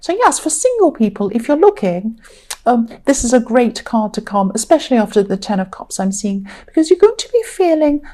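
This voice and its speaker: A woman reads tarot cards straight to her viewers in a gentle, reassuring way, often pausing on an um and repeating what she is seeing. Her voice sits a little high but sounds warm and mellow. She is tired, so there is a slight croak. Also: big pitch swings. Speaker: tarot reader. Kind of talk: solo tarot reading to camera.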